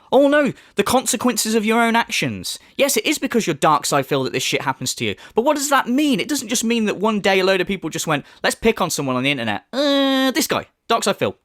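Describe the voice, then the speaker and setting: A man's voice: high-pitched, a bit bright, no room sound, clean studio sound. A man hosting a reaction commentary, mocking and swearing with heavy sarcasm. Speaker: commentary channel host.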